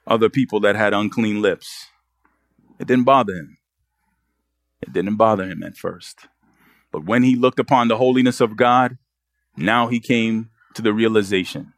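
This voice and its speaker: A man's voice: lowish voice, no echo, clean studio sound. A man preaching a sermon as pastor, pressing the congregation with earnest rhetorical questions.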